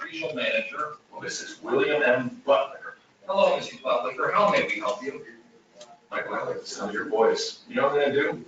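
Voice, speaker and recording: A man acting as bickering office salesmen on a comic sales call, swinging from mumbling to shouting. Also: a little high, highs cut off. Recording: sitcom clip played over room speakers, echoey, far, noisy.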